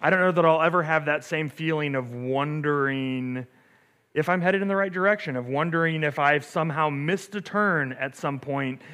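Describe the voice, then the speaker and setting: A middle-aged man, a pastor, telling a story in a relaxed sermon, full of fillers and restarts, often asking "right?". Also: a little high, moderate pace, clear, resonant tone.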